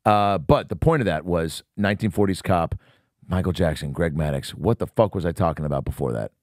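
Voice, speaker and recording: Lively, profane male comedy podcast host. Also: sits low, fairly quick, no room sound, studio quality. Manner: animated, profane, jumps between voices in anecdotes. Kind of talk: casual comedic storytelling. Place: podcast studio.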